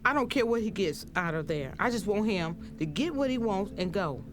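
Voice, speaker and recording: Older woman, documentary survivor testimony, halting delivery, faint music underneath. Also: medium pitch, expressive. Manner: halting, repeats words when retelling. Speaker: crime survivor interviewee.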